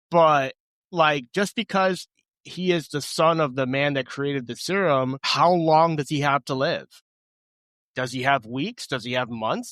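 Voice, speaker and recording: Man, podcast co-host, slightly higher voice, dry close recording, casual recap style. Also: a bit bright, no room sound. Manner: conversational, recaps plot with asides. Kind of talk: casual chat.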